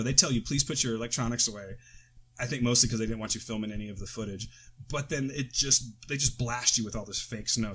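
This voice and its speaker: A man's voice: medium pitch, sharp tone, husky. Rambling American man on a podcast. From United States. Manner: rambling, with tangents and self-corrections. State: coughing. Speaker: podcast co-host. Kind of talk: casual chat. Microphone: close podcast mic.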